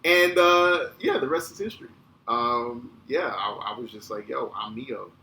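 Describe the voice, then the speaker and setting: A man in his thirties hosting a podcast, telling a casual, animated, profane story. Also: medium pitch, measured pace. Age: 30s. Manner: animated, profane, acts out quotes. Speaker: podcast host. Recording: echoey room with faint ambient noise.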